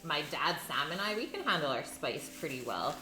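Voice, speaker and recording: With a low-pitched voice full of big pitch swings, a young woman speaks at normal speed against a noisy background. She's hosting a casual home-kitchen cooking stream, chatting and reading viewers' names aloud while eating, the room echoey with faint music.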